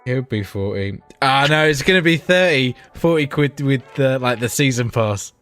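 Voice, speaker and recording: A British man co-hosting a casual gaming podcast at an ordinary mid pitch. He talks in blunt, sweary banter, easy and unpolished. Faint music sits softly behind his voice. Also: moderate pace. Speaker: podcast co-host.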